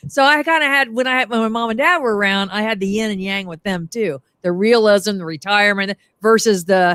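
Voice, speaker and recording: Speaking briskly with hardly any pauses, a middle-aged woman, a motivational humorist, chats as a guest on a video call in a casual interview. Her medium-pitched voice is dryly recorded, and she animates her stories by acting out quotes in voices.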